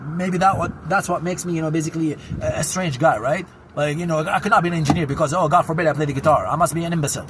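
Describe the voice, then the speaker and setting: A man in his forties from Syria, with a Syrian Arabic accent, ranting loudly and indignantly to the camera outdoors, repeating his points. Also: a little high, racing, few pauses. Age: 40s. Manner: loud, projecting, heated and indignant, repeats himself. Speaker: vlogger. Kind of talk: angry street rant to camera. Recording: noisy outdoor recording with traffic.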